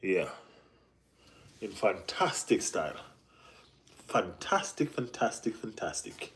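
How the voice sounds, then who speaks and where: A man hosting a casual live football chat, talking in an animated way with lots of slang and repeated phrases. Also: lowish voice, takes it slowly, long pauses. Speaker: football channel host.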